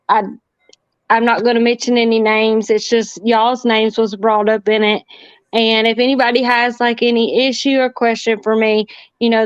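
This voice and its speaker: A shy woman talks haltingly as a livestream guest, her fairly high voice smooth and clear. The sound is dull and lo-fi, dry with no room echo. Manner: shy, hesitant, many ums. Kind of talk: casual livestream talk. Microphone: computer or phone on a video stream. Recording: dull lo-fi stream audio.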